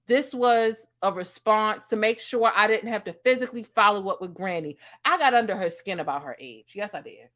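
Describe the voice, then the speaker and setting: A woman in her thirties, the host, tells a story in a sassy, profane, casual way and acts out the dialogue. Her medium-pitched voice is a bit bright, moving at a moderate pace with few pauses.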